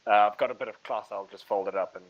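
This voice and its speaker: Gravelly, fast-talking man. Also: fairly low pitch, steady tone, muffled recording. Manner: hesitant, stumbling over his words. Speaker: tabletop game player. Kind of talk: casual play at a tabletop game.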